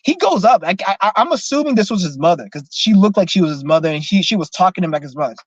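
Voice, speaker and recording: A young man telling a profane, animated story in a casual vlog rant. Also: high voice, fast talker, no room sound, highs cut off. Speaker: vlogger.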